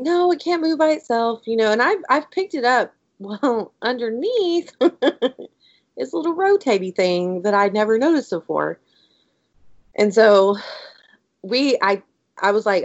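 A woman co-hosting a podcast, telling a story in a casual, animated way and saying "like" a lot. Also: fairly high pitch, a little slow, dry recording. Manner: animated, excitable storyteller, heavy use of "like". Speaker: podcast co-host. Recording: dry, dull lo-fi audio.

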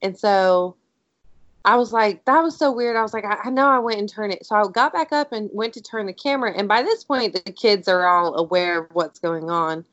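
Woman, podcast co-host, casual excitable storytelling, dull lo-fi sound, dry close recording. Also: mid-range voice, normal speed, dry recording. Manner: animated, excitable storyteller, heavy use of "like".

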